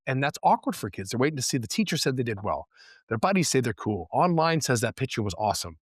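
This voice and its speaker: A man's voice: mid-range voice, sing-song, quick pace, husky, dry recording, clean studio sound. A middle-aged man, a football coach, talking earnestly in a casual podcast interview and often repeating words as he thinks. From Canada. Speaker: guest, high school football coach.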